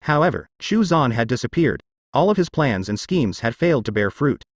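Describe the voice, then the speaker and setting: A man narrating a fantasy webnovel as an audiobook in steady, expressive storytelling. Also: mid-range voice, moderate pace, dry recording, clean studio sound.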